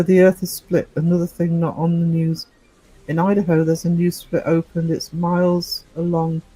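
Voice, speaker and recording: A man's voice: a little high, warm tone, poor audio. A middle-aged man hosting a casual livestream, rambling chattily through stories and replies to his chat. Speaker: livestream host.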